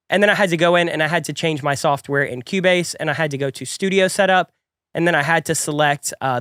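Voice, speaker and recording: A young man hosting a music production tutorial, his voice a little stuffy from a cold. He talks quickly in a slightly high register, upbeat and chatty, rambling a bit. The sound is dry and close, with no room echo. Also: a bit bright. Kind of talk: casual tutorial talk.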